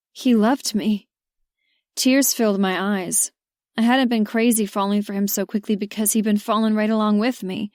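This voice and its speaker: A woman reading a romance novel aloud in the first person, with measured, steady narration. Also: mid-range voice, no room sound, clean studio sound. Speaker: audiobook narrator. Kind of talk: scripted narration.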